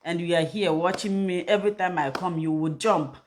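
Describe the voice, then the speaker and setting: A man with a notably high voice talks straight to his audience as a channel host. He presses them with repeated, pleading questions, half scolding and half begging. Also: a little fast, slight background noise. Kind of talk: direct-to-camera vlog talk.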